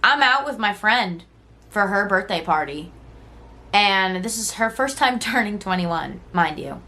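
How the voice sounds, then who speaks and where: A woman in her twenties tells a personal story straight to camera in a relaxed vlog style. She talks candidly and conversationally, leaning on "like" and "right?". She swears freely and slips into quoted voices when she retells old text messages. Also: mid-range voice, a little slow.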